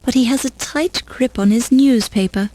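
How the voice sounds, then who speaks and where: Woman, game narrator, scripted, dry, wry, fairly high voice. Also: normal speed, dark tone, rough recording.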